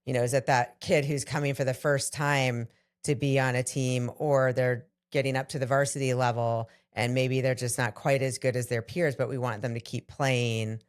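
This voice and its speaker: Low-voiced woman podcast host. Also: little pitch movement, normal speed. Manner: affirming listener, frequent agreeing interjections. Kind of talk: conversational interview.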